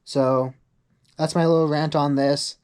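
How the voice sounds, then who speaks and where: A young man chats through a rambling vlog with a slightly high-pitched voice. He fills his talk with "like" asides. When he quotes other people, he acts them out in a higher voice. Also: steady tone, measured pace, darkish tone, smooth. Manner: chatty, rambling, full of "like" asides. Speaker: vlogger. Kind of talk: casual vlog monologue.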